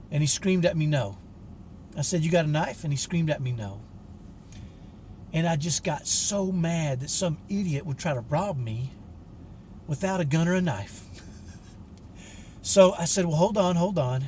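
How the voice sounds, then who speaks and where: A man's voice: a little high, slight background noise. A man in his fifties, a coach for fathers, telling a personal story to camera in an earnest, direct way. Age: 50s. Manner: earnest and direct, frank about his temper.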